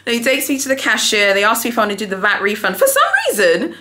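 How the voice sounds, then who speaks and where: A young adult woman telling a shopping story in a casual vlog, chatty and animated, calling viewers "honey", recorded in a hotel room without an external mic. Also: medium pitch, fast. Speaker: luxury shopping vlogger.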